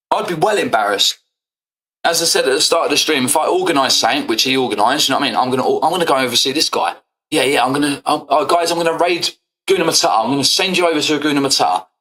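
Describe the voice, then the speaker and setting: A young man rants in a heated, confrontational stream monologue. His voice sits a bit high and sounds bright and forceful. He swears freely as he calls someone out. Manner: angry, confrontational, swears often. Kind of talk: heated rant.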